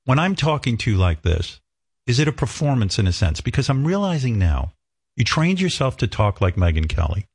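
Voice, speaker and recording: A man hosting a comedic interview, teasing his guest with deadpan jokes and slow, deliberate phrasing. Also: medium pitch, breathy edge. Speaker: talk show host.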